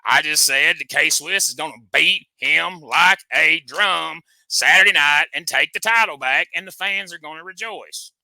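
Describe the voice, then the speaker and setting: Guy hosting, trash talking his guest, kinda boastful, bright voice kinda high. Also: measured pace, gravelly, few pauses, no room sound. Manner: needling, boastful, drawling country talk. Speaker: host. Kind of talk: comic trash-talk show banter.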